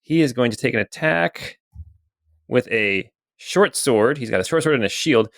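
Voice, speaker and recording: Man, dungeon master, calm and methodical, mid-pitched voice, dry close sound. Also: moderate pace, creaky, no room sound. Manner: calm, methodical, with frequent "okay" and "um". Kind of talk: narrating a tabletop game.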